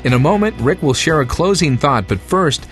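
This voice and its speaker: A man's voice: fairly high pitch, animated, normal speed. A male program announcer reading a friendly scripted promo. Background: soft music bed.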